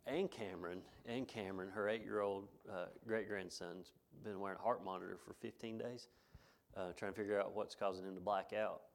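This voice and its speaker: A man's voice: fairly low pitch, fairly even intonation, fairly quick, creaky. A middle-aged pastor, preaching a folksy sermon to his congregation, repeating himself and chuckling between points.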